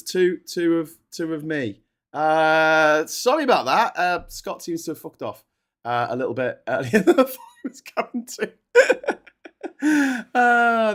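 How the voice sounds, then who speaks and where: A man hosts a live-streamed chat over a video call, ranting and joking with plenty of swearing. His voice sits on the higher side and swoops around a lot. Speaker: host.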